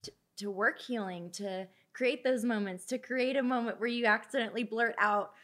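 A woman's voice: a little high, fairly even intonation, normal speed, fairly bright tone. Affirming woman host, faith talk. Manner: affirming, encouraging listener. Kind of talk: faith-based conversation.

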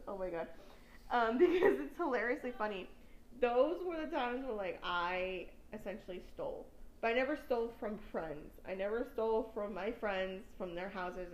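A woman's voice: medium pitch, roomy sound, slight background noise, low-quality recording. A young woman from New York, a podcast host chatting casually, rambling and swearing and laughing at her own stories. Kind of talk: casual chat.

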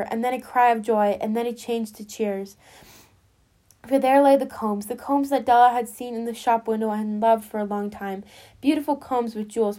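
A woman reading a classic story aloud as a storyteller, gently addressing her listeners as friends. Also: a little high.

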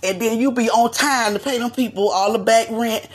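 A woman hosts a casual gossip talk show, sassy and animated as she speaks straight to her listeners. Her voice is husky and sits a bit high. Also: moderate pace. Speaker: host.

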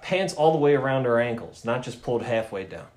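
A man's voice: mid-range voice, expressive, fairly quick, a little mellow. A young man telling a story in casual chat, swearing and acting out the voices in it.

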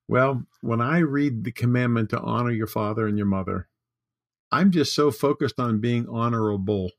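An older man with a gravelly, fry-edged voice talks as a podcast guest, earnest and heartfelt. The recording is dry and close, with no room sound. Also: medium pitch, unhurried, no echo. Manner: warm-hearted, earnest, tearful at times. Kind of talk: casual chat.

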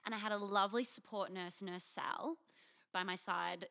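As a podcast co-host, a young Australian woman tells a frank, self-mocking story in candid chat. Her mid-range voice is gravelly and bright, with a steady, forceful tone and a moderate pace.

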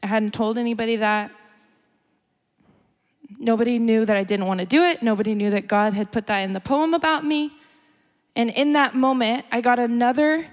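A young adult woman giving a sermon as a story, chatty and animated, laughing often. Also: a little high. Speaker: speaker. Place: church gathering hall. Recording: long hall reverb.

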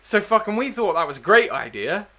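A young man tells a story at a casual chat. His voice sits a little high and sounds bright and forceful. He swears freely, stays animated and makes fun of himself. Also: brisk. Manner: sweary, animated, self-mocking. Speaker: podcast guest storyteller.

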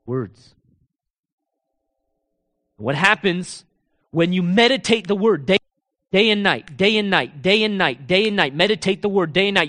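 A man with a notably high voice preaches a sermon in an animated way. He fires off rhetorical questions and drops into casual asides with his listeners. He swings from loud, ringing proclamations to low, quiet emphasis. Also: measured pace, long pauses. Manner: laughs and talks casually to the congregation.

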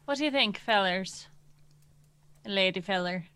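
A woman's voice: medium pitch, a little slow, sharp tone, clean tone, dry recording, pitched below the performer's own voice. A woman voicing a folksy, bawdy married man who stammers and restarts often.

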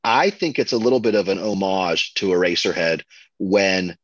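A man co-hosting a podcast, chatting casually and excitedly about a film, full of fillers and restarts. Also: low-pitched, moderate pace, dry recording, highs cut off. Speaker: podcast co-host.

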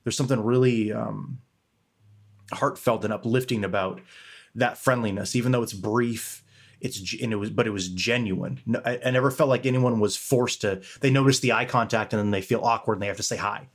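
A man's voice: lowish voice, fairly quick. A young man co-hosting a podcast, talking candidly in a rambling way and swearing casually. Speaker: podcast co-host.

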